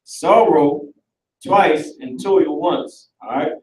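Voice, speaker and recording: A man teaching an online Hebrew class in a casual, animated way, talking aloud as he works through the screen. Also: a little high, takes it slowly, a little hiss or hum. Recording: roomy recording from far off the mic.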